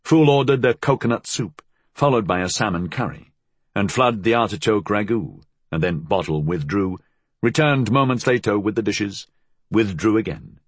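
A man narrating a story as an audiobook reader with a measured, expressive delivery. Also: lowish voice, breathy edge, no room sound. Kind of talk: scripted narration.

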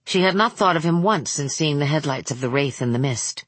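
A woman reading an audiobook in a measured, steady voice. Her tone is low and husky. The recording is close and completely dry. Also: no echo. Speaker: audiobook narrator. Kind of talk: scripted narration.

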